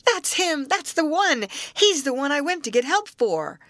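A woman reading the part of a simple, excitable young man in a storybook. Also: high-pitched, unhurried, dry recording, clean studio sound, pitched above the performer's own voice, heavily acted. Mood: excited. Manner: excited, childlike.

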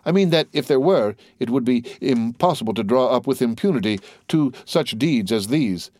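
A man's voice: mid-range voice, expressive, normal speed, darkish tone, no room sound, clean studio sound, close to an everyday voice. A man reading aloud who voices an eager, scheming young man with an anxious, ingratiating manner. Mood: sly.

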